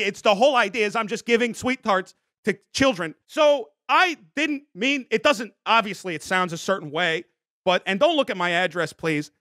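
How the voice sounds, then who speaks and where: A man's voice: high-pitched, lively intonation, normal speed, pushed and bright, no room sound, clean studio sound. A young man streaming a comedy bit, rambling defensively through restarts and apologies. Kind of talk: improvised comedy bit as a scandal-hit streamer.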